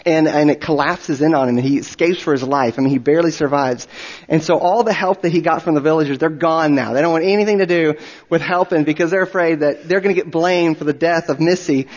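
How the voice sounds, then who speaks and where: A man's voice: fairly high pitch, fast. A man preaching, retelling a story earnestly and often repeating words as he goes. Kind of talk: sermon storytelling. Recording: dull recording with long reverb.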